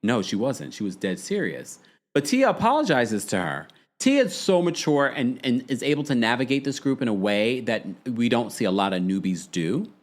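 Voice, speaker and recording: A man's voice: medium pitch, sing-song, normal speed. A man hosting a reality TV recap show. He reads viewer comments aloud, laughs often and repeats words when he restarts a sentence. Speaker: podcast host. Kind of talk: reality TV recap with live chat.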